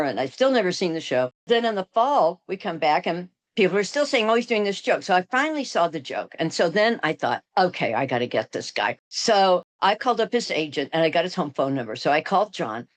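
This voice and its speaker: An older woman from Texas, a guest in an interview, telling stories in a casual, animated way, acting out the voices of people she quotes and laughing often. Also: lowish voice, fairly quick. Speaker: guest, actress.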